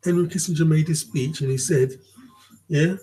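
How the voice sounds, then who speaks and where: A man's voice: a little high, steady tone, normal speed, mellow, breathy edge, faint music behind, rough recording. A man vlogging in a rambling, casual commentary monologue, swearing freely and often checking in with the listener.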